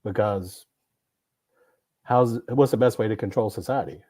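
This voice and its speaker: A man with a low, warm-toned voice talks on a podcast and drives his points home by repeating words. He sounds emphatic and preachy, and the recording is dry and close. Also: unhurried, breathy edge, dry recording. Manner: emphatic, repetitive, preachy about masculinity. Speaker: podcast guest. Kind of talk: casual podcast conversation.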